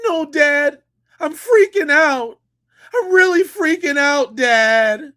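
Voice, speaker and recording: Dude mocking a freaked-out whiny young guy, real high and loud. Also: lively intonation, extremely slow, clean tone, no echo, clean studio sound, exaggerated voice. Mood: mock-panicked. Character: panicky young man, whiny and overdramatic.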